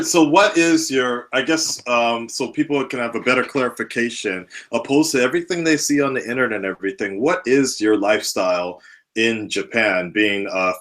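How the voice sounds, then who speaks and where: A man's voice: medium pitch, a bit bright. A man interviewing a guest, asking questions in a hesitant way, full of fillers. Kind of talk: casual interview.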